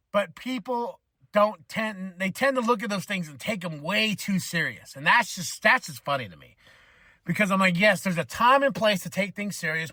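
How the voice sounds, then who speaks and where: A man's voice: sits high, sharp tone, no room sound, studio quality. A man in his thirties hosting a podcast, ranting casually and swearing, acting out quoted voices. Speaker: podcast host. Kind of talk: casual rant.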